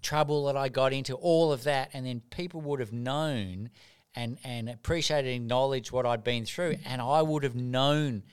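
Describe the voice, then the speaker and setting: A man's voice: medium pitch, moderate pace, smooth. A middle-aged man, a doctor and mentor, telling stories earnestly in a casual interview, often repeating words as he starts.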